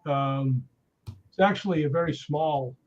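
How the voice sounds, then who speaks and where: A middle-aged man, a stuntman guest, telling animated anecdotes in a casual conversation. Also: fairly high pitch, a little slow. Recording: dull lo-fi sound.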